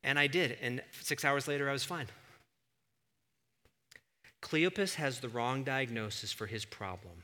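A male pastor preaching a sermon in a church, an animated storyteller who surges into emphatic, near-shouted points. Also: mid-range voice, unhurried, pauses often. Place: church sanctuary. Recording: long reverb of a church hall.

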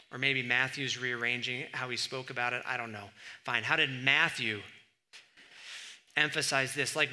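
A man preaching a sermon, animated, pushing louder for emphasis and breaking into conversational asides. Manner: animated, rises in pitch and volume for emphasis.

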